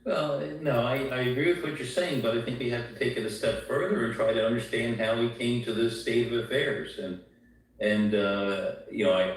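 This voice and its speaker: A man co-hosting a podcast in casual political discussion, measured and questioning. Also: fairly low pitch. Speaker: podcast co-host. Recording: very echoey, far from mic.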